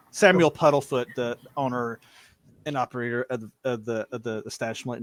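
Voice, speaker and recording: A man narrating a tabletop game as game master, halting, with many restarts and fillers. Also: mid-range voice, fairly bright tone.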